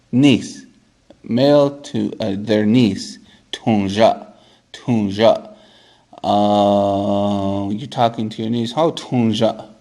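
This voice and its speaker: A man leads a relaxed vocabulary lesson on camera, saying each word over and over so learners can follow. His voice sits on the low side and he takes his time, unhurried between words. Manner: repeats each word several times for practice; relaxed, joking asides. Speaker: language teacher.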